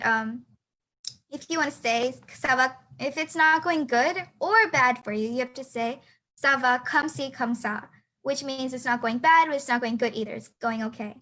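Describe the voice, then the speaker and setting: A woman's voice: high voice, normal speed, sharp tone, slight background noise, rough recording. A teenage girl teaching a beginner lesson over a video call, hesitant with many fillers and restarts. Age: teens. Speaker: student teacher. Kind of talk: online class lesson.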